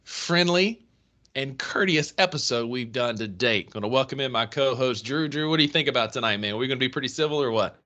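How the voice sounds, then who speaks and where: A young man with a Northeast Mississippi country accent co-hosts a casual sports podcast, teasing his friend in easy banter and laughing often. His mid-range voice is animated, bright and forceful, and he talks a little fast.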